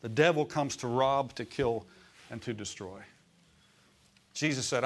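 A man's voice: mid-range voice, a little slow, pauses often, fairly bright tone. Conversational male preacher. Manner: conversational preaching, asks the congregation questions; acts out voices in quotes. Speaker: pastor. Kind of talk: sermon.

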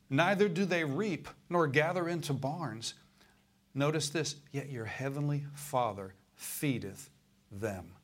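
Man preaching a sermon in church, folksy, slows way down for scripture, keeps asking the crowd to answer. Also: a little high, fairly bright tone. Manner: folksy, asks the congregation for replies; slows down to read scripture aloud. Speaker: pastor.

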